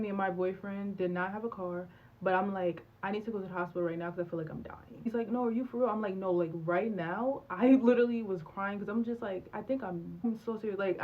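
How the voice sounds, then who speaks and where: Young adult woman, candid storytime vlog voice, animated delivery, slightly dull recording. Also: mid-range voice. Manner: animated, candid, acts out dialogue with many fillers. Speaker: vlogger.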